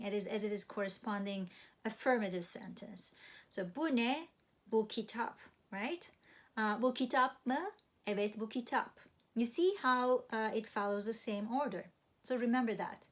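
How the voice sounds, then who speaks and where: Woman teaching a language lesson. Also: mid-range voice. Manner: patient, explains slowly with many fillers and restarts. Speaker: Turkish language instructor. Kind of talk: recorded online language lesson.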